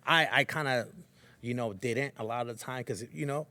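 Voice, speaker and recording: A man's voice: medium pitch, a little fast, dry recording. A man in his thirties, a podcast guest, telling stories in a casual, slangy way and acting out what people said. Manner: animated storyteller, acts out quotes, slangy. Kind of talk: casual storytelling chat.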